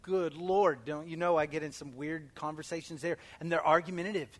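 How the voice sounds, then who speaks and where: High-voiced man preaching emphatically. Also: fairly even intonation, fairly quick. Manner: emphatic call-and-response preaching, swinging from loud to hushed. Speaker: pastor. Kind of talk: sermon.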